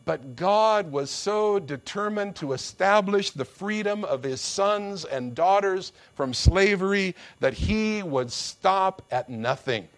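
A male preacher delivers his sermon in a high-pitched voice. He speaks slowly and deliberately, leaning hard on key words and acting out the quotes in his story. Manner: emphatic preaching with acted-out quotes.

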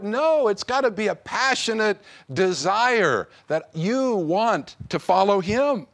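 A man preaching a sermon to his congregation, slow and emphatic. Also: very animated, vocal fry, fairly bright tone. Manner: slow, emphatic preaching with wide swings of pitch. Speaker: pastor.

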